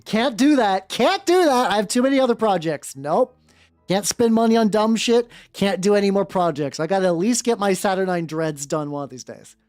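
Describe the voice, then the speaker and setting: A woman streamer reads aloud in a rambling, giggly manner, stumbling and restarting her sentences. Her voice sits low, yet it swings up and down with a lot of life. It is dry and close, with soft background music underneath. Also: dry recording. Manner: rambling, self-interrupting, giggly. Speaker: VTuber streamer. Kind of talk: casual live-stream reading aloud. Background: faint background music.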